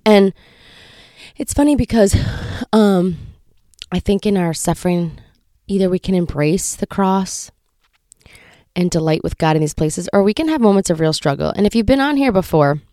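Earnest, confiding woman podcast host; warm dark tone with some fry, dry close sound. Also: mid-range voice, animated, normal speed, pauses often, no room sound. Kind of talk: faith podcast talk.

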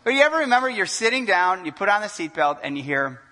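A male pastor preaching a sermon in an animated way, asking the congregation questions and joking. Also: sits high, quick pace. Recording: long hall reverb.

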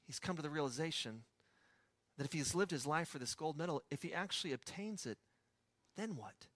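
A man's voice: a little high, animated, brisk, fairly bright tone, no echo. A man preaching a sermon in a conversational way, asking his listeners rhetorical questions.

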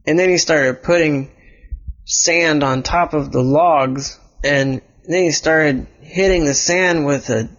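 A man's voice: fairly high pitch, slow pace, a bit bright. A man improvising a block-game story, rambling and restarting his sentences. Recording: dull lo-fi recording.

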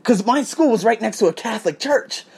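A man in his thirties from Las Vegas spins a casual story for his viewers. His voice is gravelly and husky and swings widely up and down in pitch. He swears freely and often laughs as he talks. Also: fairly quick. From Las Vegas, USA. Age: 30s. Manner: animated, profane, laughs often.

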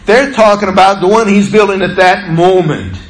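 A male pastor preaching a sermon with animated delivery, acting out the scripture. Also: high-pitched, normal speed, reverberant.

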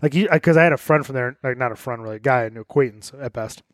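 Fast-talking, animated podcast co-host man. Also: mid-range voice, dry recording. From Illinois. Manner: animated storyteller, acts out quotes. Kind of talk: casual storytelling chat.

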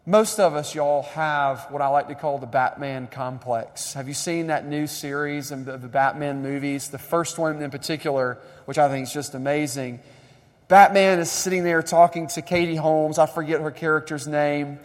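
A young adult man preaching a sermon in a conversational, animated way, building up emphasis. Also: on the high side, normal speed. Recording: long reverb of a large hall.

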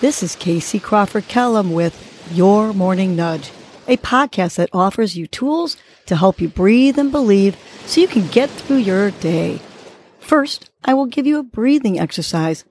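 Woman host talking slow n calm thru a breathing exercise, bit of vocal fry. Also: medium pitch, slight background noise. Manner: slow, calm guiding delivery. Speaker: podcast host. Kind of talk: guided breathing and affirmations.

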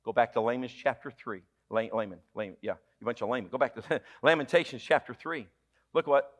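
Preaching fast in a mid-range voice, this Southern-accented man delivers a sermon in a church sanctuary. He's emphatic and humorous, drops from loud outbursts to quiet lines, and questions the congregation.

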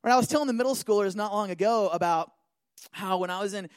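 High-voiced man telling a personal story. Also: fast talker, clear, resonant tone, no echo. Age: adult. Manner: animated, keeps checking in with listeners.

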